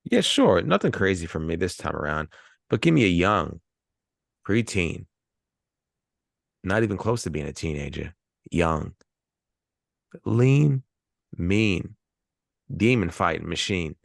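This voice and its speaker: A man's voice: low-pitched, lively intonation, a little slow, creaky, pauses often, no room sound, clean studio sound. A man co-hosting a movie podcast, joking and rambling with frequent restarts. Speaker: podcast co-host. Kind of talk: casual movie chat.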